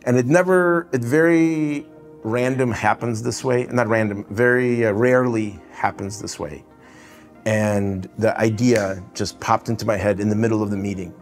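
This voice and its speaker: A man's voice: lowish voice, normal speed, soft background music. Russian-accented man, rambling interview chat. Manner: rambling, filler-heavy, often adds "you know" and "right?". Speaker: animation film director. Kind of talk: casual interview talk.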